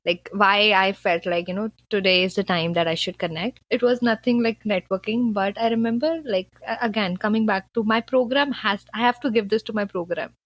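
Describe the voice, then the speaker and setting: A woman from Punjab talks earnestly as a guest on a casual podcast. Her speech is chatty and loose, with a mid-range pitch and a dry, close sound. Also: steady tone, fairly quick, hardly any pauses, no room sound. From Punjab, India. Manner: earnest, chatty, sprinkles in "like" and "you know". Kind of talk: casual conversational interview.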